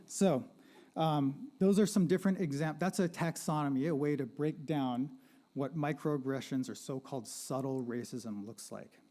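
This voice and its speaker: A man's voice: fairly high pitch, normal speed, mellow. A man giving a lecture-style talk at a gallery panel, conversational, checking in with "right?" and asking the audience questions. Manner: asks the audience questions and invites participation. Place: art gallery panel event.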